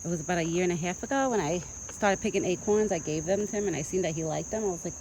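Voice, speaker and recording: A woman's voice: fairly low pitch, fairly quick, background noise. Chatty young woman vlogging outdoors. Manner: chatty and rambling, raising her voice in a sing-song way when talking to the deer. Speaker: vlogger feeding a wild deer. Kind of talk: casual vlog chat. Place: outdoors at a rural feeding spot. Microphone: phone held in hand.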